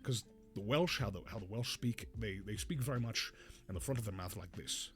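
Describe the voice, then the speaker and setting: A man's voice: fairly low pitch, a little fast, faint music behind. A man hosting a podcast in casual chat, laughing often and explaining things at length with many restarts. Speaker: podcast host.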